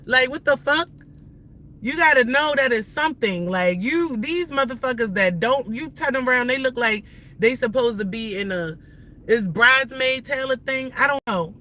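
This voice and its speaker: A woman's voice: sits high, animated, moderate pace, bright, forceful tone, low-quality recording. A woman in her thirties livestreaming from inside her car as she drives, ranting in a heated, profane, rambling way. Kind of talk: ranting live stream while driving. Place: inside a car while driving.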